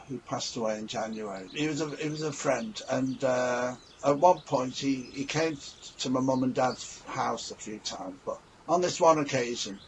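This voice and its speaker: A man's voice: medium pitch, a little hiss or hum, low-quality recording. A man talking earnestly and a little ramblingly in a casual reflective vlog. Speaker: vlogger.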